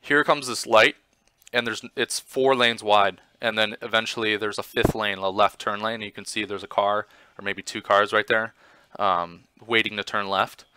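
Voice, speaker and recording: A man casually commenting on his own motorcycle footage, rambling with lots of fillers and getting excited as he retells it. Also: on the low side, moderate pace, clean tone. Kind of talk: casual commentary over video.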